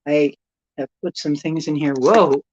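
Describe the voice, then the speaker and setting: A woman hosts a live stream from a room at home in a slow, unhurried drawl, with a somewhat low voice. She rambles chattily and greets her viewers by name. The stream audio is dull and lo-fi. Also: steady tone, darkish tone, a little hiss or hum. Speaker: livestream host. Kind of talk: casual live-stream chat.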